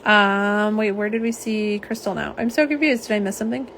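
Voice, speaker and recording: Hosting a live nail polish unboxing, a woman chats casually and reads viewer comments aloud while swatching. Her mid-range voice sounds fairly bright and moves at a fairly quick clip, with slight background noise.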